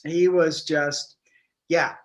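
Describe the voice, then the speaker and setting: Man, actor guest, high voice, chatty, animated storyteller, laughs a lot. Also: drawn-out words. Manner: animated anecdote-telling, laughs often. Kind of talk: casual interview storytelling.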